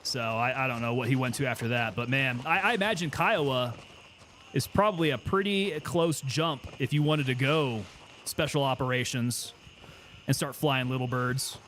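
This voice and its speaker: A man's voice: mid-range voice, moderate pace, fairly bright tone, a little hiss or hum. A man streaming a game, chatting and joking in casual commentary. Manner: chatty, joking, self-amused.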